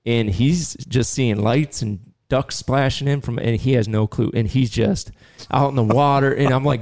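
Podcast host guy, low gravelly voice, animated storyteller, dry close sound. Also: moderate pace, few pauses, dry recording. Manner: storytelling, animated, laughs often. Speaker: podcast host and dog trainer. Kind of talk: casual podcast chat.

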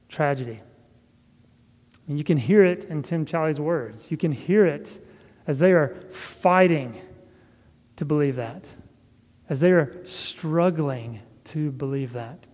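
A man preaching a sermon as pastor, earnest and measured, with a soft laugh now and then. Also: on the high side, long reverb tail.

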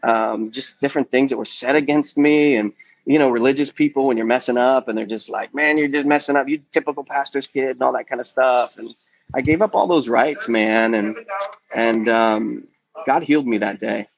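Candid forties male guest, ministry testimony, plain mid-pitched voice, dry and close. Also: moderate pace, creaky, dry recording, dull audio. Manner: earnest, candid, peppered with "um" and "man". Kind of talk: personal testimony in a podcast interview.

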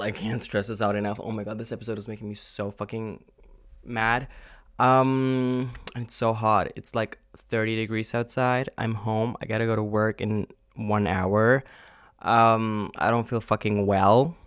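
A man podcasting from home in a rambling, unedited monologue, frustrated and swearing often, with halting pauses and fillers. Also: fairly low pitch, fairly even intonation, dry recording, studio quality.

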